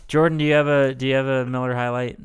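Man, podcast host, smooth resonant voice, middle pitch, casual profane banter, quick impressions. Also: level tone. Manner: profane, jokey, breaks into put-on voices. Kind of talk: casual movie-podcast chat.

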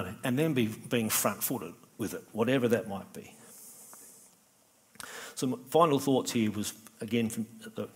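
Brief: middle-aged male pastor, chatty sermon delivery, animated with acted-out exchanges. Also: fairly low pitch. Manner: animated, acts out little dialogues, conversational preaching.

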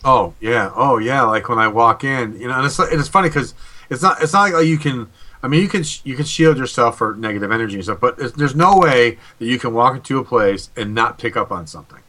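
A man's voice: medium pitch, lively intonation, a little fast, sharp tone. A man who investigates hauntings and calls himself psychic, rambling casually on a live video call show and acting out what people said. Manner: rambling, restarts often, acts out quotes. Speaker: paranormal investigator and psychic co-host. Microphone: video call mic.

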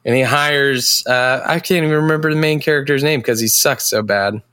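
A man's voice: medium pitch, moderate pace, bright, forceful tone, clean tone, no room sound. A man in casual chat, recapping a movie plot in a rambling way, laughing and acting out lines in voices. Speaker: podcast co-host.

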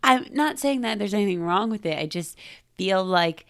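A woman's voice: medium pitch, expressive, normal speed, fairly bright tone. A woman co-hosting a podcast in casual chat, playful and teasing. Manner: playful, teasing, laughs often. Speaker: podcast co-host. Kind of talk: casual chat about comics.

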